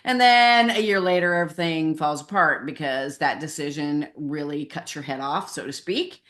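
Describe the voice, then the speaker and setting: A middle-aged woman speaks as an interview guest in a relaxed, conversational way. Her voice sits a little low for a woman. She tells her story frankly and brings it to life by acting out what people said. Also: moderate pace. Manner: candid, animated storyteller who acts out voices in quotes. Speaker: podcast guest, marketing consultant. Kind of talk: casual interview chat.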